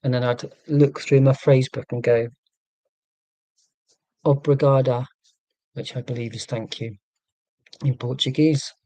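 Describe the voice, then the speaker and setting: A man's voice: medium pitch, fairly even intonation, moderate pace, warm tone, dry recording. A man from England hosting a live stream, chatting in a rambling, self-deprecating, joking way. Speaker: livestream host.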